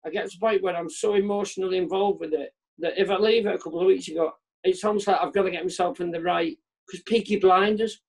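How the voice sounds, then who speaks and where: A man's voice: high-pitched, fairly even intonation, fast talker, gravelly, few pauses, husky. A man who is a comedian, chatting candidly as an interview guest over a video call, rambling and self-deprecating and trailing off mid-sentence. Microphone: remote video call.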